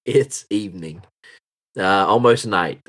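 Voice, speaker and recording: A man's voice: deep voice, takes it slowly, a bit bright. A man narrating a tabletop game as game master, with many ums and hesitations. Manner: hesitant, full of ums and uhs.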